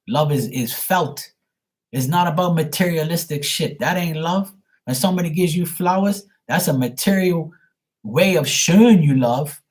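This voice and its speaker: A man's voice: fairly high pitch, a little mellow. A middle-aged man giving a live tarot reading, talking bluntly and swearing often as he rants. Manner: blunt, profane, ranting. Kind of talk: casual livestream talk.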